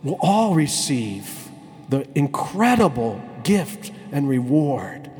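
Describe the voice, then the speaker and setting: A man, a priest, telling a story in a sermon, slowing down and stretching words to stress them. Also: fairly high pitch, sing-song, darkish tone, in a large hall, soft background music. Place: church.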